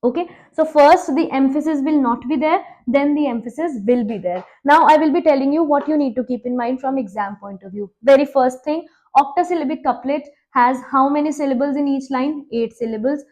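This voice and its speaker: A woman with an Indian English accent gives an exam-prep lecture on poetry. Her voice sits high, and she asks questions and answers them herself. She drags out and repeats the key terms. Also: darkish tone. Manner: quizzing, repeats key facts, slows to stress terms. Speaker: teacher.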